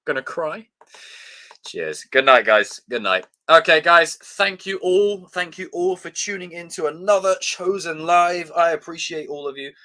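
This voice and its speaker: A young man hosts a live stream in a bright, forceful voice, talking loosely and swearing freely. He runs through thanks to viewers by name in an easy, offhand chat. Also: fairly high pitch, animated, a little slow. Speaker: livestream host.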